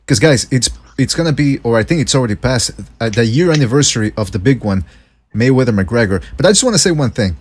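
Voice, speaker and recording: A man's voice: mid-range voice, animated, fast, breathy edge. A man co-hosting a podcast, chatting casually in a jokey, storytelling way. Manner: chatty, jokey storyteller who drops into mock voices. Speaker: podcast co-host. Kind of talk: casual chat.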